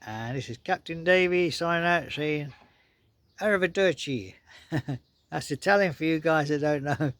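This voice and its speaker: A man's voice: fairly high pitch, moderate pace, a bit bright, no echo. A man casually telling childhood stories to his viewers, rambling and chuckling often. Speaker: vlogger. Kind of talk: casual storytelling.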